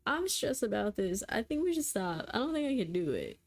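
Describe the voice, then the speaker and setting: A woman's voice: on the high side, very animated, brisk. A young woman playing a text game, reading the story aloud and reacting with flustered, joking asides. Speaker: gaming YouTuber.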